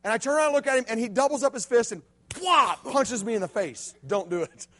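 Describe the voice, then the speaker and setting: Animated high-voiced joking preacher man. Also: fast talker. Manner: playful, jokey storytelling with acted-out voices. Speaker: youth pastor. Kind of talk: animated youth sermon with acted stories.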